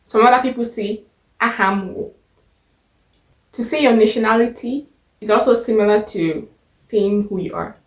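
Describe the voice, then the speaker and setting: A Nigerian woman teaching a language lesson, patiently repeating each phrase slowly and clearly. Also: a little high, fairly even intonation, reverberant.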